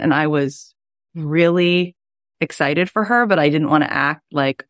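A woman's voice: sits low, animated, a little slow, no echo, studio quality. A middle-aged woman, a life coach and podcast host, telling a personal story in a chatty, heartfelt way, with many "like" fillers.

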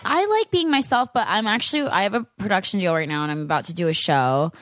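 A woman guest on a podcast, chatting casually, loud and profane, giggling and cracking quick jokes. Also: on the low side, expressive, no echo. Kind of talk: casual comedic chat.

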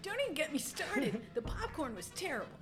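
A woman's voice: sits high, sing-song, fairly quick, over music. A woman doing a comic impression of a vain, catty daughter of a screen legend, giggling and dismissive.

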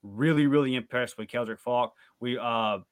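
A man co-hosting a sports podcast, chatting casually about a game. He builds into heated, emphatic rants, pushing his middle-pitched voice much higher when frustrated. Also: moderate pace. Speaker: podcast co-host. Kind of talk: casual sports recap chat.

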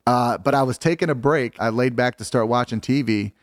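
A middle-aged man from Illinois tells his story as a podcast guest, plain-spoken and blunt, with frequent swearing. His voice sits at an ordinary pitch for a man. The sound is dry and close, with no room echo. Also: brisk. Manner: blunt, swears freely, acts out quotes. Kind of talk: casual storytelling interview.

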